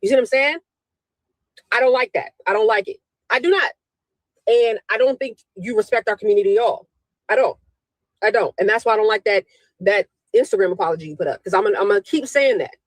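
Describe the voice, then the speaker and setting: A woman's voice: mid-range voice, quick pace, long pauses, dry recording, low-quality recording. A woman co-host giving emphatic, opinionated commentary and repeating her points.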